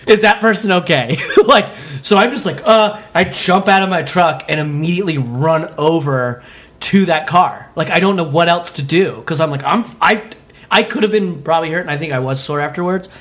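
A man from Utah telling a story on a comedy podcast, animated, laughing and swearing freely. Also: on the high side. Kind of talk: casual storytelling.

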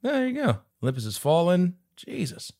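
A man's voice: sits high, huge pitch swings, normal speed, a little mellow, dry recording, clean studio sound. A man co-hosting a podcast, chatting casually about a film and joking about his own slip-ups. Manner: joking, laughs at own slips. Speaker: podcast co-host. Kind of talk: casual movie review chat.

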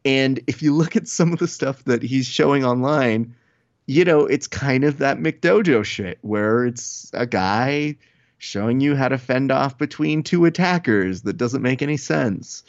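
A man's voice: mid-range voice, unhurried, no room sound, muffled recording. A man co-hosting a podcast, telling a story in casual chat, swearing freely and quoting people in put-on voices. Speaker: podcast co-host.

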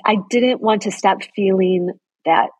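A woman's voice: medium pitch, measured pace, breathy edge, dry recording, dull audio. A middle-aged woman, a TV news anchor, earnestly telling a heartfelt personal story in an interview.

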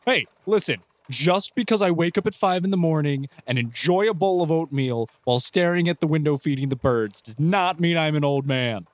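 A man's voice: fairly high pitch, lively intonation, moderate pace, hardly any pauses, no room sound, lightly acted. A man voicing an earnest adventurer who rises at dawn and insists he is not old, giving reassuring speeches. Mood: defensive. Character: earnest male adventurer, prim early riser, denies being old.

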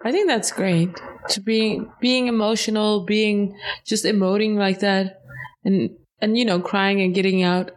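A woman hosting a casual chat, supportive and quick to agree. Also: medium pitch, fairly even intonation. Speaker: podcast host.

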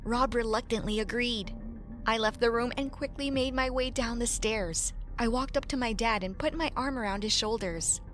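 A young woman narrating a first-person story in a lively, expressive way. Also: on the high side, normal speed, soft background music.

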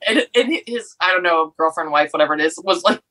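A bright, clear-toned woman in her thirties tells a story in relaxed podcast chat. She is outspoken and lively, jumping up in pitch whenever she acts out what someone said. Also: fast talker, low-quality recording. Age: 30s. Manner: animated, laughing, acts out quotes in high voice. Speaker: podcast guest, football fan.

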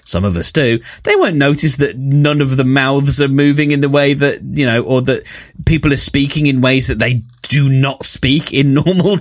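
A man's voice: medium pitch, normal speed. A British man co-hosting a casual comedy chat, ranting animatedly and slipping into mocking voices. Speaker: podcast co-host.

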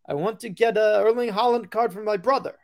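A man putting on a bubbly high Italian guy. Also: brisk. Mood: cheerful. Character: friendly excited Italian man buying a card.

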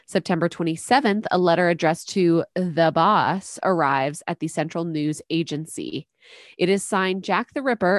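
A woman's voice: fairly low pitch, no echo, clean studio sound. A woman co-hosting a podcast, reading true-crime notes in a casual chat, stumbling over words and laughing. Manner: reads aloud, stumbles on words, laughs and jokes. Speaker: podcast co-host.

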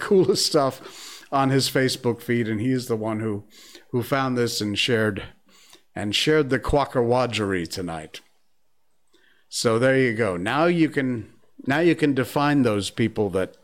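A middle-aged man hosting his own show, talking casually and joking with viewers in a rambling monologue. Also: medium pitch. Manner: chatty, joking, rambling asides. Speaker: show host.

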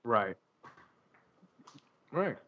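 A man co-hosting a podcast in casual chat, cursing freely and telling animated stories. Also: mid-range voice, very slow. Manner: profane, animated storyteller. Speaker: podcast co-host. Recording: dull lo-fi sound.

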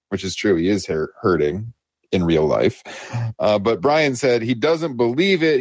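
A man co-hosting a wrestling podcast, recapping a show in casual chat and laughing often. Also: no echo. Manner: laughs often, quotes wrestlers with lifted pitch. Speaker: podcast co-host.

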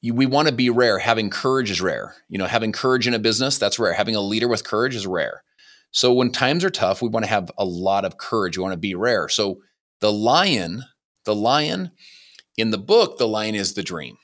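A man's voice: on the low side, fairly bright tone. A man, a guest author on a podcast, speaking in a preachy motivational way and repeating phrases for emphasis.

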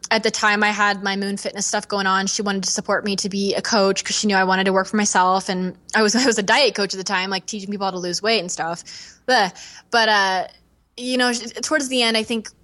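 A young woman talking openly as a podcast guest, earnest and animated, often acting out what others said to her. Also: medium pitch. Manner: earnest, animated, acts out quoted voices. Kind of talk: candid podcast interview.

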